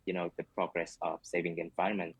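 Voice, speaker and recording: Low, flat, husky male test candidate. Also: fast talker, narrow, tinny audio. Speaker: exam candidate. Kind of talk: answering speaking test questions. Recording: played back test recording.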